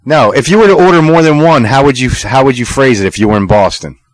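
A man's voice: mid-range voice, lively intonation, quick pace, dry recording, rough recording. A man co-hosting a talk show, teasing the guest and laughing often in casual banter. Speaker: co-host.

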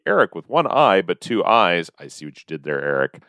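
A man co-hosting a podcast in casual, jokey banter, reading out listener names and mail with a slightly hoarse voice. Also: deep voice, very animated, a little fast, hardly any pauses, dry recording, studio quality. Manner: playful, jokey delivery with sudden loud bits. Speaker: podcast co-host.

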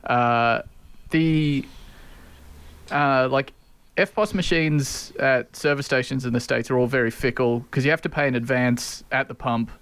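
A man's voice: mid-range voice, fairly even intonation, a little slow, a bit bright, clean tone, no echo. An Australian man co-hosting a casual chat, dry and self-deprecating about his own anxieties. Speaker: podcast co-host.

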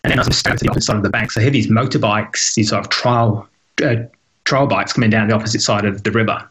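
A man's voice: on the low side, fairly even intonation, fast talker, a bit bright. A man from Britain, a podcast guest, telling a story casually, stumbling over and repeating words and laughing often.

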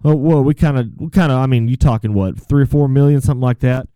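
A man's voice: medium pitch, fast, dark tone, clear, resonant tone, no echo, close to an everyday voice. A man playing a rambling call-in radio advice host with a put-on Texas drawl, stumbling folksily over his words. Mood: folksy. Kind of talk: comedic call-in radio sketch.

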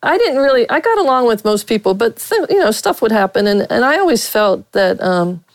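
Blunt, gravelly-voiced woman sportswriter. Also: fairly high pitch, big pitch swings, a little fast, dry recording, poor audio. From Pittsburgh. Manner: blunt, frank, laughs while telling stories. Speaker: veteran sportswriter. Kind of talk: interview guest, candid storytelling.

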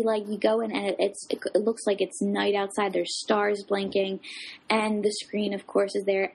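This is a woman in a relaxed, casual chat, telling a story in a loose, rambling way. She leans on fillers and asides as she goes. Her voice has a gravelly, slightly husky texture. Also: mid-range voice.

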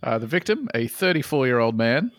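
A man's voice: mid-range voice, very animated, brisk, dry recording, clean studio sound. A man co-hosting a comedy podcast, joking and sarcastic and swearing freely. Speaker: podcast co-host. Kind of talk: casual comedy chat.

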